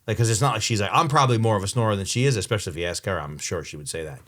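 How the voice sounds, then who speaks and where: A man's voice: on the low side, very fast, fairly bright tone. Rambling, profane male podcaster. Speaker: podcast co-host. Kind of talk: casual chat.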